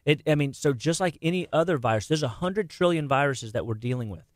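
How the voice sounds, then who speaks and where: A middle-aged man talking casually about health on a radio show, animated and quick, with many restarts and repeated words. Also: on the high side, no room sound, clean studio sound.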